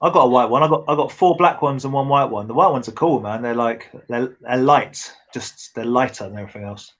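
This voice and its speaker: A man's voice: medium pitch, brisk, fairly bright tone. A man chatting about toys, joking and repeating words as he talks. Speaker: toy stream co-host. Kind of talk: casual chat.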